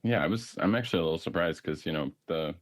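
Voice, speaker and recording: Low-voiced male co-host, easygoing, thinks out loud with repeated restarts. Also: fast. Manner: rambling, repeats words, thinks aloud. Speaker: podcast co-host. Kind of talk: casual chat, coffee tasting.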